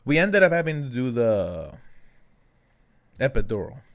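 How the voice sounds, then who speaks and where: A man co-hosting a podcast as a new father, talking in a casual, halting way, with plenty of fillers, a few Spanish words, and his own past thoughts acted out. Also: mid-range voice, big pitch swings. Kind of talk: casual chat.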